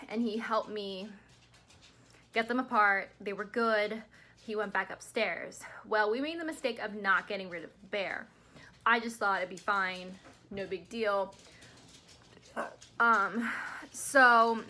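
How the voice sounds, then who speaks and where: A woman's voice: a little high, pushed and bright. A young woman telling a rambling, chatty story-time vlog, sounding tired and full of fillers. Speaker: vlogger.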